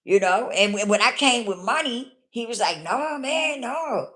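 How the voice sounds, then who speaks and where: A woman's voice: medium pitch, normal speed, pushed and bright. A woman telling her own story in a blunt, casual way, often checking in with the listener. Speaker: vlogger. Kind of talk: candid personal storytelling.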